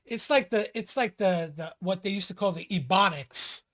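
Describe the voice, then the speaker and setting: Pitched high and moving at a moderate pace, a male podcast co-host swaps stories in a relaxed chat. He acts out what people said and breaks into laughter often.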